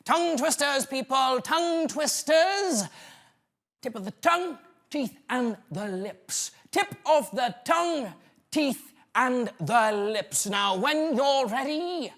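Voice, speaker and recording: A man's voice: extremely high pitch, animated, slow pace, a bit bright, voice pushed up, full character voice. A man on stage voicing a bossy male acting teacher who barks drills and commands at his students. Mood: commanding. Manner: barking drill commands, impatient.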